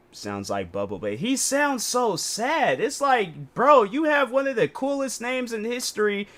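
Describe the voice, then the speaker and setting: Bright, animated man ranting on stream. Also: fairly high pitch. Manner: rambling, incredulous, many fillers and restarts. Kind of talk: casual reaction stream commentary.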